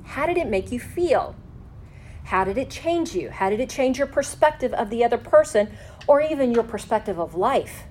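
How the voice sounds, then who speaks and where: A woman teaching a faith-based lesson on forgiveness step by step, slowing down to stress key phrases. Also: a little high, animated, a little mellow, slight background noise. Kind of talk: faith-based instructional talk.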